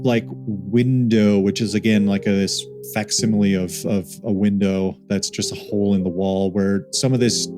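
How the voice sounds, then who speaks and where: A man with a fairly low voice narrates a tabletop game as dungeon master. His delivery is casual and halting, full of fillers, and faint guitar music plays underneath. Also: steady tone, mellow.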